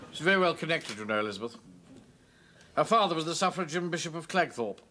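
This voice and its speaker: Brief: a blustering, snobbish officer, animated and self-satisfied. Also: male voice, fairly high pitch, slight background noise. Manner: pompous, self-important, blustering. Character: pompous middle-aged male captain, bank-manager type.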